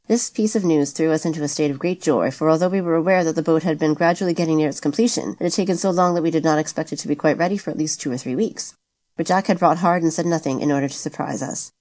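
A woman reading a novel aloud as a steady, brisk audiobook narrator. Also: deep voice. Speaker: audiobook reader.

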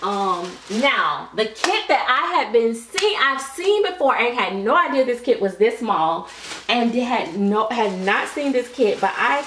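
A woman's voice: fairly high pitch, big pitch swings, a little slow, fairly bright tone, a little hiss or hum. American woman gushing over doll kits, lots of oh my god, talks with y'all, casual vlog. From United States. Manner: gushing, breathless exclamations, frequent "oh my God"; Southern American Black vernacular, "y'all". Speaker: reborn doll artist reviewing kits. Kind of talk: excited casual vlog review.

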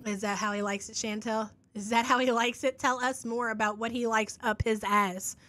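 A woman's voice: a little high, fairly even intonation, normal speed, a bit bright. A woman hosting a live reaction podcast, reading chat messages and making sarcastic remarks. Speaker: commentary podcast host.

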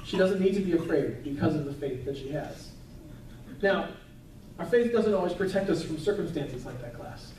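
A man's voice: on the high side, animated, normal speed, a little mellow, slight background noise. A male pastor giving a conversational sermon with casual asides. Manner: conversational, chatty preaching with asides. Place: church sanctuary. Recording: echoey church hall, mic at a distance.

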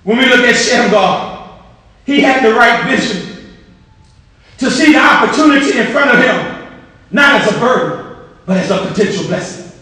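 A man preaching a fervent sermon with repeated rising phrases, shouting out his lines in a large church hall. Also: very high-pitched, animated, moderate pace, long pauses. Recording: echoey hall, voice from far off.

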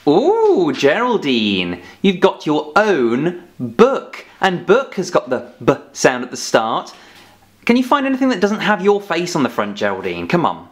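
A man hosting a children's phonics lesson, playfully scolding and coaxing a giraffe puppet. His pitch rises and falls widely in a sing-song way. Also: very animated, measured pace. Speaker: phonics teacher presenter. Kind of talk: children's educational presenting.

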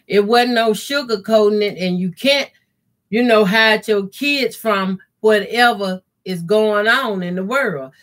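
A middle-aged woman, hosting a casual quilting live stream, reading viewer comments and praying aloud with deep feeling. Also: a bit bright. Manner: heartfelt, prays aloud with deep emotion. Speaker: quilting channel host.

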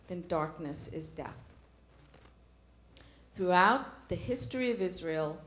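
Middle-aged woman preaching in an echoey church. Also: fairly low pitch. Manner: earnest, rhetorical questions to the congregation. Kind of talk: sermon.

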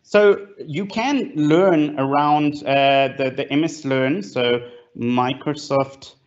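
A man's voice: a little high, slow pace. A man, presenting as a guest speaker in a fireside chat, enthusiastic, with many fillers and restarts. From South Africa. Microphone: video call. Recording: lo-fi online call audio.

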